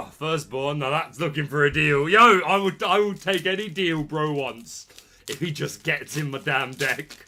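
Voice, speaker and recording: A man, hosting a card-opening video with jokey, excitable commentary and bursts of shouting. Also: a little high, measured pace. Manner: excitable, jokey trash talk with sudden shouts. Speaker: trading card channel host. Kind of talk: casual pack-opening commentary.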